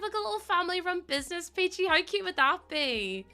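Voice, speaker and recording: A young woman streaming a game, chatting quickly with her viewers while feeling a bit run down. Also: very high-pitched, lively intonation, bright, forceful tone. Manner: fast-talking, chatty. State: under the weather, a bit run down. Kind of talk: casual live-stream chat while playing a game.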